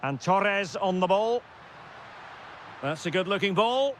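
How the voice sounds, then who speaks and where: A man giving excitable play-by-play football commentary for a video game, calling player names in short clipped bursts and shouting at goals. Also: high voice, takes it slowly, slight background noise.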